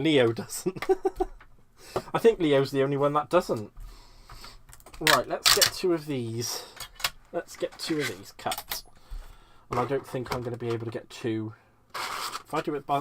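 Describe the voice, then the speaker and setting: A man hosting a live craft stream from home, chatting easily while he cuts and folds. He is self-mocking and laughs often. His voice sits in a middle pitch, with faint background noise. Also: animated, a little slow, pauses often.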